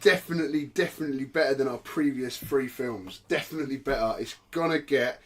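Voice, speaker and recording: A man's voice: mid-range voice, a little fast. A man co-hosting a film podcast, boisterous and sweary, often laughing with his mates. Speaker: podcast co-host. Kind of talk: casual chat.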